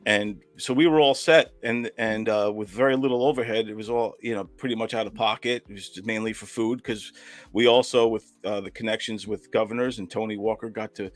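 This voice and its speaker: A man's voice: lowish voice, fairly even intonation, a little fast, dry recording, faint music behind. A man, a filmmaker and comedian, telling a rambling anecdotal story in casual chat over a video call.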